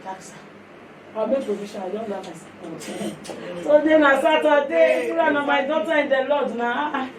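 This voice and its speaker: A woman preaching, telling a testimony in animated storytelling that slips into pidgin, then leading prayer. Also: sits high, normal speed, a crowd in the background. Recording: echoey hall from far off.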